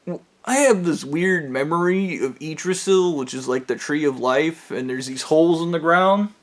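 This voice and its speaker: A man's voice: fairly high pitch, normal speed. A man telling a rambling story from his own life in a casual, profane way, with plenty of fillers. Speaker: vlogger.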